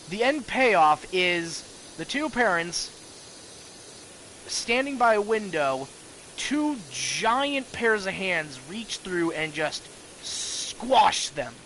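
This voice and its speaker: A gaming video host rambles casually and profanely about horror shows while playing a video game, restarting constantly. His voice is on the high side and sharp, and the poor audio has a little hiss or hum.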